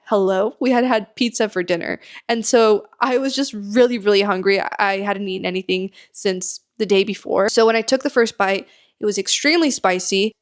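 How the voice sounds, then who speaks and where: A young American woman telling a story on her solo podcast. She sounds chatty and candid, with a mid-range voice and frequent quick asides. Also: medium pitch. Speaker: podcast host.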